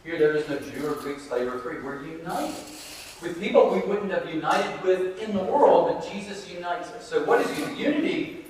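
A man preaching in an earnest, conversational way, returning to his key phrases for emphasis. His voice sits a little high for a man. The recording is distant, with a long echo ringing through a big hall. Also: expressive, normal speed, darkish tone, slight background noise. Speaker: pastor. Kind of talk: sermon. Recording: echoey hall, voice picked up from afar.

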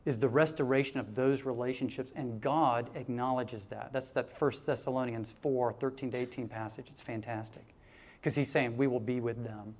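A man preaching a sermon, telling stories in an animated way with laughter and acted-out quotes. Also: medium pitch, moderate pace. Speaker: pastor.

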